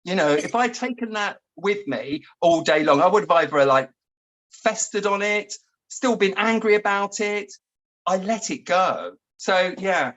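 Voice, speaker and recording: A man co-hosting a relaxed chat. He tells stories in a rambling way and gets animated when he acts out what he said. His voice sits a little high for a man. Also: measured pace. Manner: chatty storyteller, animated when acting out his own outbursts. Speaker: co-host. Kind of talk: casual chat.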